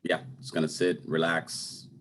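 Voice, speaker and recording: A man's voice: a bass voice, flat delivery, a little slow, a bit bright. A man answering a practice call, laid-back with short, easy answers. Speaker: networking group member. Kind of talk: practice call role-play.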